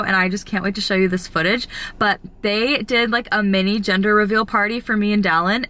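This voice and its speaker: A woman's voice: mid-range voice, bright, forceful tone. A woman in her twenties hosting a family vlog, talking straight to camera in a gushing, upbeat way with lots of fillers. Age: 20s. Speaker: vlogger host. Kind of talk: casual vlog talk to camera.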